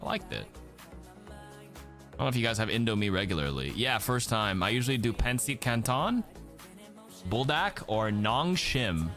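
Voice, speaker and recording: A man's voice: medium pitch, very animated, moderate pace, long pauses, fairly bright tone, soft background music. A man streaming a watch party, chatting casually with his chat and rambling, swearing now and then.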